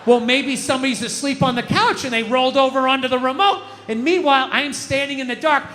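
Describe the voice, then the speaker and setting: A man's voice: very high voice, quick pace, few pauses, bright, forceful tone, a little hiss or hum. A middle-aged man doing a stand-up comedy routine on a stage, ranting in exasperation, swearing and acting out scenes. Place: comedy stage in a large venue. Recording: live hall reverb, faint crowd ambience.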